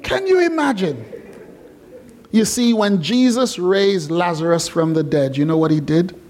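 A man preaching a sermon in a lively, conversational and playful way. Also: a little high, normal speed, slight background noise. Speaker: pastor.

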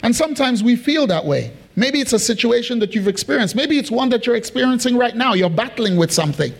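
A man's voice: very high-pitched, expressive, fairly quick, gravelly. A man preaching a sermon, emphatic and repetitive, who keeps turning to the congregation with questions. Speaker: pastor.

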